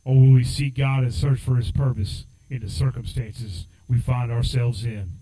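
Man, assistant pastor, sermon, conversational preacher, mellow voice. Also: medium pitch, steady tone, normal speed, slightly rough, poor audio. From United States. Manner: conversational storytelling preacher, rising into fervent exhortation.

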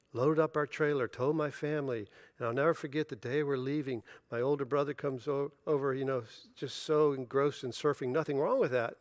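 A man's voice: mid-range voice, no room sound. A middle-aged man preaching a sermon as pastor, telling personal stories with animation and acting out the dialogue. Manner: storytelling, animated, acts out dialogue with laughter.

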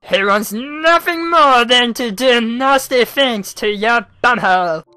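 A man's voice: very high-pitched, lively intonation, slow, sharp tone, clean tone, dry recording, studio quality, exaggerated voice. A young man putting on a mock-dramatic male narrator who delivers a silly warning. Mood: mock-solemn.

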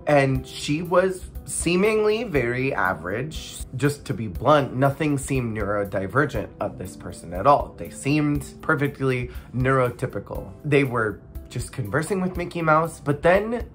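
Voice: mid-range voice, unhurried, faint music behind. Wry, blunt storyteller recounting work memories. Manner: animated, acts out quoted people. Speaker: former theme park cast member. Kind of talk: casual storytelling vlog.

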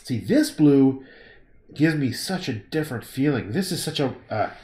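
While painting on a livestream, a man thinks aloud in a rambling, casual manner, frequently breaking off to mutter to himself. His mid-range voice has a darkish tone and lively intonation at a moderate pace, and the sound is reverberant.

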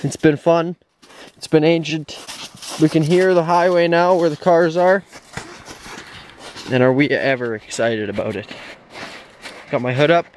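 A man's voice: a little high, a little slow, long pauses, a little mellow, low-quality recording. A young man chatting casually while vlogging a snowy forest hike on a handheld camera. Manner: laid-back, jokey. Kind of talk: casual vlog chat. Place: snowy forest trail outdoors. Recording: faint outdoor noise.

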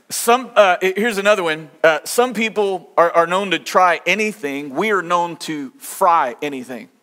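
A man's voice: high-pitched, measured pace, sharp tone. Southern man, pastor, jokey sermon opening, long church reverb. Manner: folksy, jokey, asks the congregation questions. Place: church sanctuary. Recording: echoey church hall.

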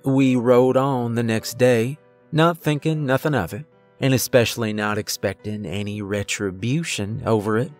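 A man voicing a gruff, weary outlaw from the Old West who talks in a rough frontier drawl, blunt and bitter, in a horror storybook reading. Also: medium pitch, normal speed, soft background music, natural voice.

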